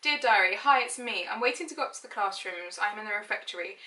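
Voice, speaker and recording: A woman's voice: mid-range voice, lively intonation, quick pace, sharp tone, distant mic. A woman in her late twenties, chatty and self-mocking, reading her childhood diary aloud and giggling now and then. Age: late 20s. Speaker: lifestyle blogger. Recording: echoey room, mic set back.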